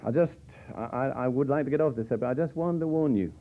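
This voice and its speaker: On a tinny old tape that sounds like a phone line, a male preacher with a medium-pitched voice moves at a quick pace through a Bible teaching. He explains verses conversationally, sermon-style, with a dry sense of humor.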